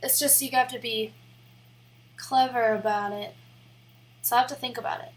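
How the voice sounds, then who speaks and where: A woman's voice: a little high, fairly even intonation, moderate pace, a little hiss or hum. A young woman streaming live, rambling in a casual, giggly way with lots of "like" fillers. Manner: rambling and giggly, heavy use of "like".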